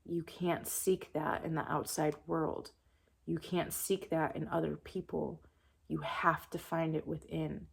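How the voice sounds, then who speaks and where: Low, gravelly-voiced woman channeling calmly. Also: measured pace. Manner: calm, soft-spoken and meditative. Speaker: spiritual reader. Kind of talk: channeled spiritual message.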